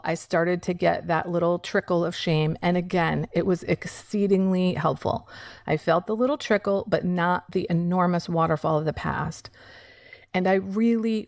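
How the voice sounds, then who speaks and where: A woman's voice: fairly low pitch, vocal fry, no echo, clean studio sound. A woman hosting a podcast, telling a personal recovery story in a candid, frank way and swearing casually. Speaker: podcast host.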